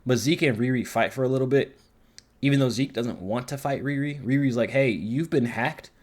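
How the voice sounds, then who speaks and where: A man reviewing a show in casual commentary, rambling and swearing freely, with animated swings in his voice. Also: mid-range voice, brisk.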